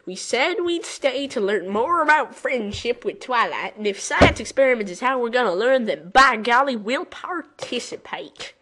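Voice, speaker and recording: A woman's voice: a little high, lively intonation, normal speed, few pauses, fairly bright tone, slight background noise. A woman voicing a folksy, down-to-earth female farm pony who scolds firmly in a cartoon fan story. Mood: scolding.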